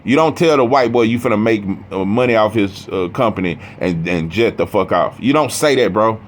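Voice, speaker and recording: A man's voice: lowish voice, expressive, moderate pace, slight background noise. A middle-aged man gives a blunt, preachy, profane monologue about boxing, saying "bro" over and over. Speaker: boxing commentator. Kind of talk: casual monologue.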